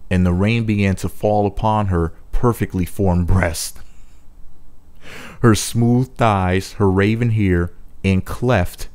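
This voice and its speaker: Low-voiced man reading a spooky tale. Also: steady tone, slow pace, darkish tone, clean tone. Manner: mock-dramatic reading that breaks into crude jokes. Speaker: storyteller. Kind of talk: casual dramatic reading with joking asides.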